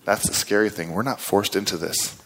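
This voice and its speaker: Speaking fairly quickly, this middle-aged guest preacher has a slightly low, somewhat bright voice and a homey, talkative manner, with offhand remarks to the congregation. His voice rises and grows emphatic whenever he drives a point home.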